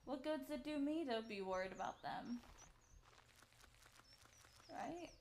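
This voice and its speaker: A woman talks slowly and loosely to her live chat while she plays, drifting between stray thoughts and the game in front of her. Her voice sits a little high, and faint noise hums behind it. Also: expressive, darkish tone. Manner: rambling, chatty, self-talk between game actions. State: out of breath. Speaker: streamer. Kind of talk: casual live-stream chat while playing. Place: home.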